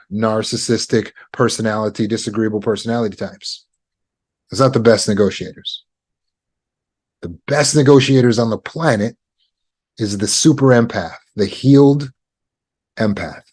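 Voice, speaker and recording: Man, lowish voice, calm measured coaching talk, deliberate pauses. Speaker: trauma recovery coach. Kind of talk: teaching talk on negotiation.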